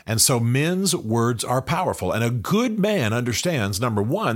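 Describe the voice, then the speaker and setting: Earnest older man exhorting listeners. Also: fairly low pitch. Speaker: men's ministry leader. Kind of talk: motivational talk to men.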